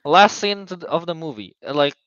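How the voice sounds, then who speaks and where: Young male co-host, animated pitch, laughs a lot, dry dull-sounding mic. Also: fairly quick, clear, resonant tone, dry recording. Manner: laughs often, lively and hesitant. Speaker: podcast co-host. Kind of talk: casual chat. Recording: dry, slightly muffled mic.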